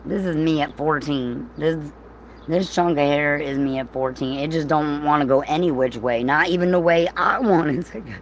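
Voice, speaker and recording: A woman's voice: low-pitched, moderate pace, a little hiss or hum, rough recording. A woman chatting casually on a livestream, rambling and profane, with frequent laughs.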